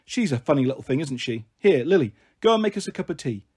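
A man's voice: a little high, very animated, fast, a little mellow, husky. A man voicing a cheerful young mother who teases and mock-scolds her daughters in a storybook reading. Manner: teasing, affectionate scolding.

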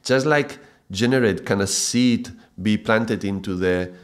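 Speaking slightly slowly in a voice on the low side, a man who teaches yoga and mantra gives a video lesson. He is mostly thoughtful and reflective, but occasionally bursts out in excited laughter.

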